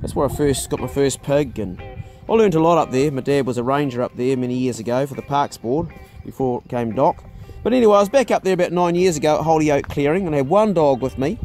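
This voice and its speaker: A man's voice: fairly high pitch, a little mellow. Laid-back New Zealand storyteller man. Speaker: vlogger and hunter. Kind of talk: casual yarn-telling.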